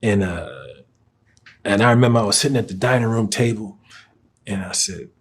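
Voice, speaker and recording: Husky low-voiced man telling a relaxed story. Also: normal speed. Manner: laid-back, with hesitations and chuckles. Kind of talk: casual anecdote telling.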